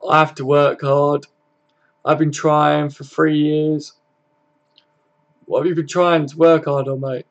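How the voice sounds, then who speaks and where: Young male fan-stream host, slightly high, gravelly voice, relaxed and sweary. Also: slow pace, pauses often, dull audio. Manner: laid-back, swears freely, chuckles often. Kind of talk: casual live-stream chat, reading comments aloud.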